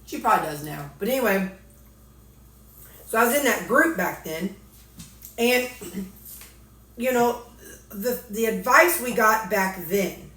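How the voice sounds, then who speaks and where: A woman's voice: medium pitch, animated, unhurried, pauses often, pushed and bright, roomy sound. A woman with a Missouri accent, chatting and joking casually while eating, talking with her mouth full. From Missouri, USA. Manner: folksy, joking, talks with a mouthful. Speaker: weight-loss vlogger.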